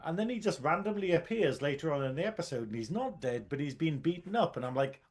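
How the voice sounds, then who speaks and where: A man's voice: a little high, animated, fast, few pauses. A man co-hosting a casual TV review podcast, rambling and swearing as he talks. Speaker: podcast co-host.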